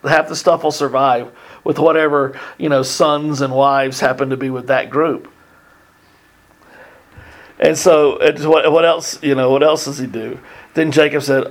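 A man's voice: mid-range voice, fairly even intonation, moderate pace. Give me a chatty middle-aged man preaching casually, with a mid-range voice and joking asides. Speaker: Bible teacher. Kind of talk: casual sermon with Bible reading.

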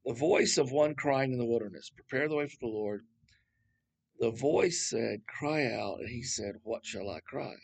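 A man's voice: mid-range voice, lively intonation, normal speed, vocal fry, husky. Man teaching scripture in a casual, rambling way. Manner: conversational, rambling, asides and rhetorical questions. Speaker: Bible teacher.

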